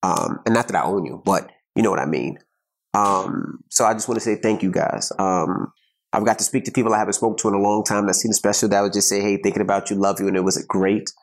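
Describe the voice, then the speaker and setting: A man's voice: fairly low pitch, fairly even intonation, fast talker. A middle-aged man co-hosting a podcast, chatting casually and rambling as he repeats phrases while searching for words. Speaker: podcast co-host. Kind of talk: casual chat.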